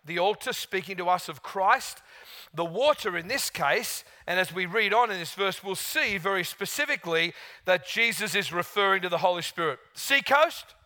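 A man preaching a sermon as pastor, telling stories in a lively, chatty way. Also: sits high, moderate pace. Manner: lively, chatty storytelling with restarts.

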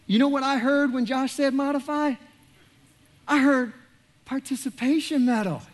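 Animated pastor preaching. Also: male voice, extremely high pitch, moderate pace, long pauses. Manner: animated, joking, acts out quoted voices. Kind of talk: sermon. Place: large church auditorium.

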